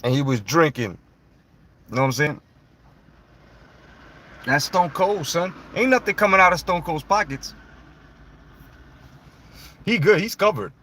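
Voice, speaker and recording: A young adult man ranting about wrestling in loud, profane, mocking commentary. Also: on the high side, animated, measured pace, long pauses.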